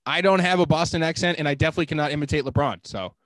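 A man with a notably high voice argues playfully with his co-host and swears casually. He pushes his points with a joking edge. The recording is dry and close, with no room sound. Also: very fast, a bit bright, dry recording. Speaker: podcast co-host. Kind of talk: casual chat.

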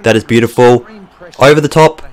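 A fairly quick, mid-range voice belongs to a young Australian gaming YouTuber commentating his own football game. The let's-play chatter is laced with swearing, excitement, and sudden frustration as he gets worked up.

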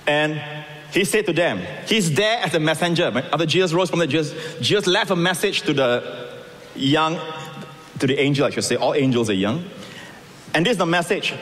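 Dramatic preacher in an echoing hall. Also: male voice, on the high side, animated, brisk. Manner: acts out voices in scripture, swings from loud to soft. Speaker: pastor. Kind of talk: sermon.

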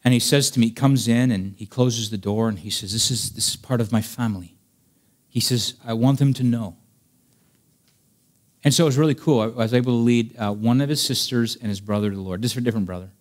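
A man preaching a sermon as a pastor, earnest, swinging between emphatic raised passages and quiet storytelling. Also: mid-range voice, a little fast. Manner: earnest preaching, rising to emphatic peaks, dropping soft for stories.

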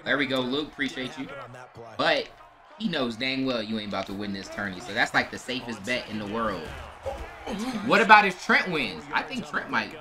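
A man's voice: mid-range voice, sing-song, normal speed. A man commentating and playing in a video game tournament stream, teasing the others and laughing often. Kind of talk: casual gaming stream banter. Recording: music playing behind.

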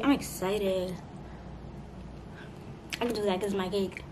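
A woman's voice: mid-range voice, steady tone, a little slow, long pauses, a little mellow. An eighteen-year-old woman vlogging at home, chatty and playful, talking straight to her viewers. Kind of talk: casual chat to camera. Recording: noisy home recording.

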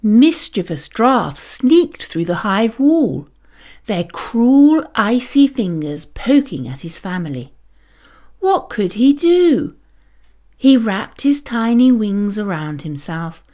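A woman narrating a children's bedtime story, gentle, expressive and soothing. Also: mid-range voice, takes it slowly.

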